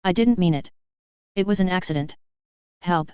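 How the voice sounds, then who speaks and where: A woman voicing a panicked, melodramatic male alien who pleads and shouts frantically, in a clear voice. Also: on the low side, moderate pace, dry recording, muffled recording, close to an everyday voice. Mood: frantic.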